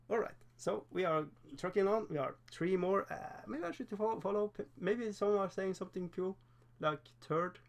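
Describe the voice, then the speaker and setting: Norwegian guy streaming his miniature painting, english isn't his first language, kinda high voice, rambly and laughs at himself a lot. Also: vocal fry. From Norway. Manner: chatty, self-deprecating, laughs often, halting with fillers. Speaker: livestream host painting miniatures. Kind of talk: casual livestream chat while painting.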